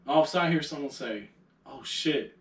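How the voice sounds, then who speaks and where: Talking very fast with a fairly high, expressive voice, a young man co-hosting a podcast laughs his way through a story in casual conversation, performing the quotes. He's recorded in an echoey room, a little distant from the mic.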